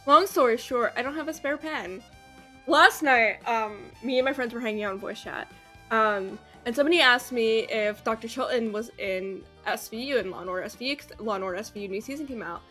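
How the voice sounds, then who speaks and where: A woman's voice: a little high, fairly quick, bright, forceful tone, faint music behind. A woman streamer giving casual, rambling and profane commentary while playing a game. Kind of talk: casual let's-play commentary.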